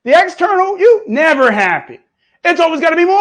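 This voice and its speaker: A man with a very high voice coaches his audience live, mocking and swearing freely. His pitch swings widely from line to line, and his delivery is animated and preachy. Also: fairly quick. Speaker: host.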